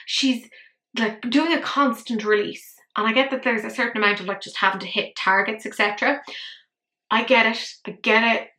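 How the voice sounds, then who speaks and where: Bright-voiced woman ranting about makeup. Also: fairly high pitch, steady tone, normal speed. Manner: swearing, exasperated, self-mocking. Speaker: makeup commentary host. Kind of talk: casual ranting commentary. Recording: echoey room.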